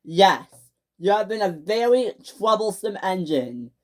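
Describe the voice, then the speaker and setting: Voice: mid-range voice, sing-song, a little slow, darkish tone, pitched above the performer's own voice. A young storyteller voicing a stern, scolding male railway boss in a homemade toy-train story.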